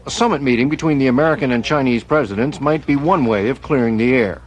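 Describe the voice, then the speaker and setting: A man narrating a television news report as a correspondent, in a steady, even manner. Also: mid-range voice, fast, slight background noise.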